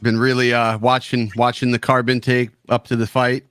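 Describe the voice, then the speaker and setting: A man on a stream as a debate winner, joking in a deadpan, self-mocking way. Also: medium pitch, normal speed, smooth, no room sound, clean studio sound. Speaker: guest debater, winner of the match. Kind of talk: casual livestream chat.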